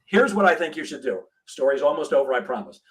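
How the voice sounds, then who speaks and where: A man's voice: on the high side, fast, poor audio. A middle-aged man, a sales trainer and guest, telling a story in a podcast interview and acting out the dialogue. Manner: animated storyteller, acts out dialogue.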